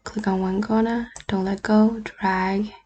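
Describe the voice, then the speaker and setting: A woman whose first language is not English, talking through a screen-recorded editing tutorial in a relaxed, often half-whispered way. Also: medium pitch, unhurried, highs cut off, a little hiss or hum. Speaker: YouTuber. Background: faint keyboard and mouse clicks.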